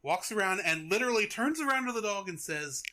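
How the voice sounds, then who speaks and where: A young man hosting a podcast, retelling a cartoon in a chatty, animated way. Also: sits high, fairly quick. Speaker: podcast host. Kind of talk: casual chat, retelling a cartoon.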